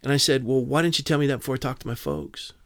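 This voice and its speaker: A man's voice: mid-range voice, sing-song, quick pace, fairly bright tone, no room sound, clean studio sound. A man from Southern California, a podcast guest telling a personal testimony in earnest detail, acting out the dialogue. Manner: earnest storyteller, quotes dialogue.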